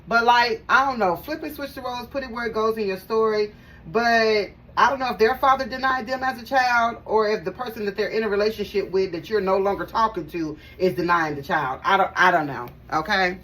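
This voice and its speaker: A tarot reader with a mid-range, fairly bright voice speaks briskly through a casual reading. She addresses viewers directly, chatting emphatically and repeating phrases. She's recorded a bit far from the mic, with faint noise in the background.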